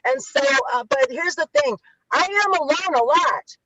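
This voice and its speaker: A woman's voice: fairly high pitch, brisk, a bit bright, no room sound. A woman with a Chicago accent, an author and youth interventionist, talking candidly in an interview, blunt and profane, with many restarts. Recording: dull lo-fi audio.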